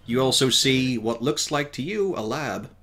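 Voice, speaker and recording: A man narrating as game master of a tabletop game, playful and lively, swearing and laughing as he describes scenes. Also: medium pitch, moderate pace.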